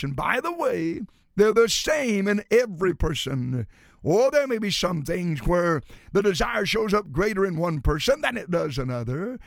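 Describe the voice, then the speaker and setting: A man preaching a sermon, emphatic, swinging from shouted lines to low, quiet drops. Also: creaky, no echo, clean studio sound.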